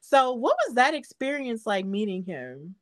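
A woman's voice: fairly high pitch, big pitch swings, unhurried, dry recording. A woman hosting a wrestling podcast, chatting emphatically with her guest. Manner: emphatic, conversational. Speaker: podcast host. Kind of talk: casual interview chat.

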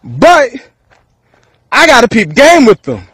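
A man's voice: very high voice, wildly swooping pitch, slow, fairly bright tone, breathy edge, dry recording, low-quality recording. A man from Texas, rambling through a profane freestyle rant to camera and laughing between thoughts.

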